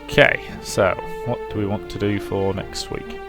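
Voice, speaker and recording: A man's voice: fairly low pitch, flat delivery, moderate pace, music in the background. A man from Durham, England, chatting while playing a game. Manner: chatty, rambling, self-deprecating asides. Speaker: let's play host. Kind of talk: game commentary and reading aloud.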